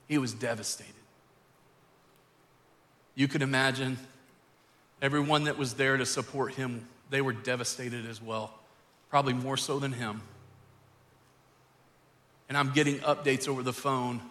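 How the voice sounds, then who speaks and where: A man's voice: mid-range voice, steady tone, unhurried, long pauses, sharp tone. A middle-aged man, a pastor preaching a sermon and telling a family story, earnest and building to emphatic exhortation. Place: church sanctuary. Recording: church hall reverb with faint music.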